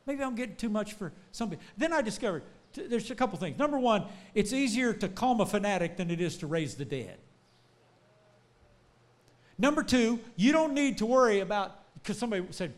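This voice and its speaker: Animated preacher man, lively high voice. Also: fairly quick. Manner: animated, rising to shouts, folksy storytelling. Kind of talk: sermon.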